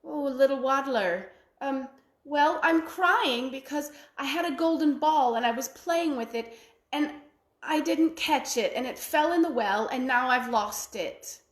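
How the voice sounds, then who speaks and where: A woman's voice: high-pitched, measured pace, echoey room. A woman voicing a young spoiled princess in a fairy tale, talking in a breathless, pleading way. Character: a young spoiled princess, tearful then eager.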